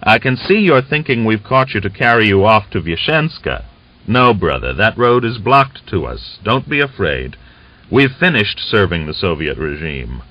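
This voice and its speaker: A man's voice: lowish voice, big pitch swings, moderate pace. A man reading aloud, voicing a scheming, boastful Cossack rebel leader who talks with coaxing, smug confidence, on a dull lo-fi recording.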